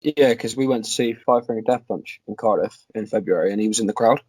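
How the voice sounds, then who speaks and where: A man's voice: lowish voice, fast talker, a little mellow, slightly rough, dry recording. A young man telling a story casually on a podcast, rambling and swearing. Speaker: podcast co-host.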